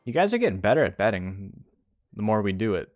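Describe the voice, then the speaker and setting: A man's voice: fairly low pitch, big pitch swings, brisk, a little mellow, no echo, soft background music. A young man hosting a game tournament stream, chatting casually with a profane, rambling manner between play-by-play calls. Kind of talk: casual live-stream commentary.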